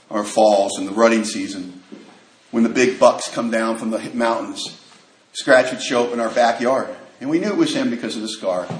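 Animated man telling a story in an echoey hall. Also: on the low side. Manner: animated storyteller acting out quoted dialogue. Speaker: recovery meeting speaker. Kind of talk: personal storytelling talk to an audience. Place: large meeting hall. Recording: echoey hall with faint noise.

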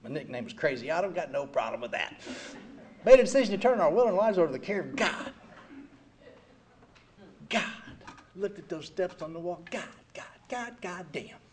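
Older guy telling his recovery story, high voice that swings all over, lots of "you know", laughs at himself. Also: moderate pace, long pauses, a little hiss or hum. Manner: animated, self-mocking, heavy on "you know". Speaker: recovery meeting speaker. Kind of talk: personal testimony talk.

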